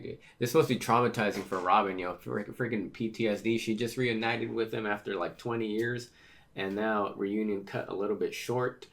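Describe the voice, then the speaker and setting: Man, deep voice, gravelly fry, casual read-through, reacts as he reads, stumbles over words. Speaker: host reading manga aloud.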